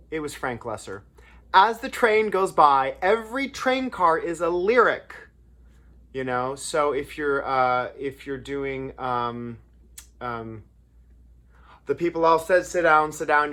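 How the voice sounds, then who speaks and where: Casting note: male songwriter, mid-pitched, casual and anecdotal, loose self-correcting delivery. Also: a bit bright. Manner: anecdotal, rambling with restarts and fillers. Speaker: songwriter and lyricist. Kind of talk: casual talk on songwriting craft.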